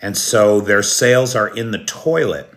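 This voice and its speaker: Bright-voiced American man hosting a livestream. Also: fairly low pitch, a little slow. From United States. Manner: chatty, talks directly to viewers by name, clears throat often. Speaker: livestream news host. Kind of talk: casual live chat reading viewer comments.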